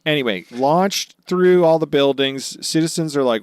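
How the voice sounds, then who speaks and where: A man co-hosting a podcast in casual chat, recapping anime episodes, swearing freely and putting on quick voices for the characters. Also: fairly high pitch, sing-song, dry recording. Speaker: podcast co-host.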